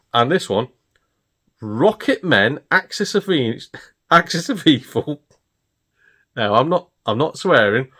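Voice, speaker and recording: Gleeful British man showing off his finds. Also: mid-range voice. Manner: gleeful, excitable, laughing often. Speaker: retro game collecting vlogger. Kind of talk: casual chat showing off purchases.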